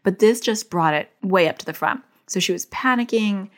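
Speaking at normal speed in a mid-range voice, a therapist who is also a mother shares advice in an informal monologue. Her tone is sincere and conversational, with "like" cropping up constantly.

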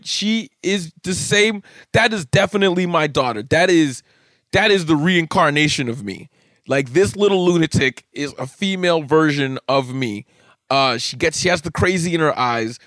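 A man in his thirties hosting a podcast alone, rambling casually with lots of swearing and excitable bursts. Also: a little high, no room sound, studio quality. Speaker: podcast host. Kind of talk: casual solo podcast monologue.

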